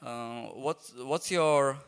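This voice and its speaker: Guy hosting a festival talk in english, smooth resonant voice, lots of uhs and ums. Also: medium pitch, extremely slow. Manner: hesitant, many fillers. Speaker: host, journal editor. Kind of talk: live public talk introduction. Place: festival event space.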